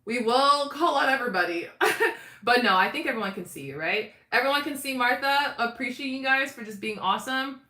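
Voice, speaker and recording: A woman's voice: a little high, brisk, reverberant. Bubbly young woman chatting with viewers. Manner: chatty, animated, talks to viewers in chat. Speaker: livestream host. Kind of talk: casual livestream chat.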